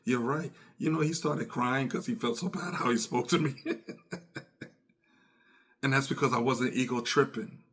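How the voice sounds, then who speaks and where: A man's voice: mid-range voice, fairly even intonation, normal speed, long pauses, a bit bright. Middle-aged man, podcast host, earnest reflective delivery that acts out dialogue, voice in the middle range. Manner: earnest, repeats phrases, acts out quoted dialogue. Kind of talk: reflective personal talk.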